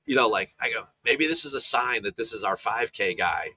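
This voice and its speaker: A man with a bright, forceful voice talks through golf betting picks in a loose, casual chat. He rambles into side stories, restarting sentences and piling on asides as he goes. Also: fairly low pitch, expressive, brisk, husky.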